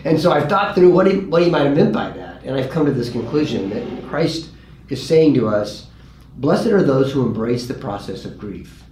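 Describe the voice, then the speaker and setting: A pastor telling a story in a conversational way, earnest, and lively when he quotes people. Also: medium pitch, moderate pace. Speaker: pastor and grief guest. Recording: roomy with faint ambient noise.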